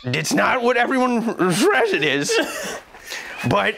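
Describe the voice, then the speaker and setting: A man's voice: very high-pitched, wildly swooping pitch, a little slow, vocal fry, a bit bright, a little hiss or hum, full character voice. A man playing an earnest male librarian dog wrestler, laughing through a sheepish promo.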